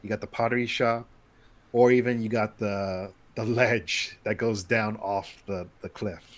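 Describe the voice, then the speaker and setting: A man's voice: fairly low pitch, fairly even intonation, a little slow. A man running a tabletop game as game master, loose and rambling with many restarts.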